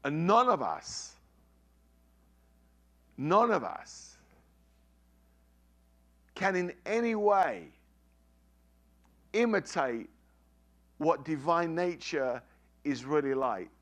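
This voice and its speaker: A man's voice: a little high, expressive, drawn-out words, pauses often, a bit bright. A middle-aged man preaching a sermon, telling a family story with emphatic, repeated phrases.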